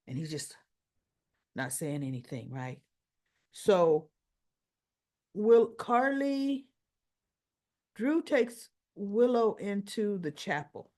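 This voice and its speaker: A woman's voice: medium pitch, animated, slow pace, pauses often, a little mellow. A woman reviewer giving a casual, opinionated recap and acting out the lines she quotes. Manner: chatty, opinionated, acts out quotes. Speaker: soap opera reviewer.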